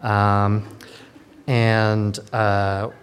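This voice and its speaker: A man's voice: fairly low pitch, level tone, extremely slow, a little hiss or hum. A man, a lawyer, giving a conference talk in a dry, sardonic way with many fillers and restarts. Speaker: lawyer at a digital rights group.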